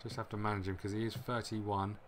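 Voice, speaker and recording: A man with a fairly low voice talks through a football management game. He mutters and hesitates as he weighs choices, then reacts with sudden excited gasps during matches. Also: brisk, very noisy. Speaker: gamer. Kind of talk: let's play commentary.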